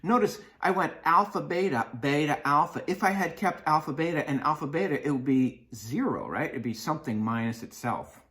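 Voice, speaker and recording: A man teaching a math lesson in a playful way, acting out sine and cosine as friends in quick skits. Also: on the high side, fairly bright tone.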